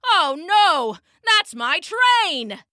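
Woman doing a frantic shouting train engineer. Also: high-pitched, big pitch swings, a little slow, no room sound, studio quality, full character voice. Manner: shouted, urgent lines.

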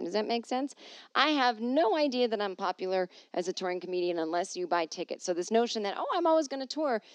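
A medium-pitched woman, a middle-aged comedian, hosts her podcast from home, joking at her own expense as she reads listener emails. The talk rambles with jokey, self-deprecating asides, and the recording is dry.

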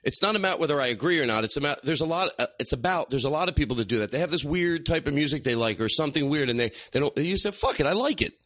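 A man hosting a comedy podcast in a studio, chatting in a rambling, excitable way with lots of laughing and restarts. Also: on the high side, very fast, few pauses, dry recording. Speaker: podcast host. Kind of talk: casual comedy podcast chat. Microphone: studio microphone.

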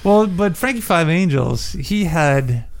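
A teasing man co-hosting a chatty podcast who laughs often. He speaks slowly and unhurriedly, and his pitch moves around a lot as he jokes. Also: lively intonation, creaky. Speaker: podcast co-host. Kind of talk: casual chat.

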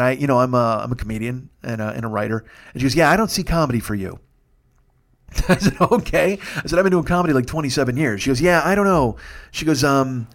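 A man in his forties hosting a solo comedy podcast, rambling through profane stories and tangents in a pleasant, resonant voice. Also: mid-range voice. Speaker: podcast host.

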